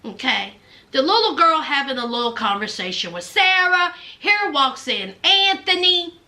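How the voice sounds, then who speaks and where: A woman with a high voice speaks at normal speed, casually recapping a reality TV episode. She's animated and dramatic, talking straight to her viewers and calling them "y'all."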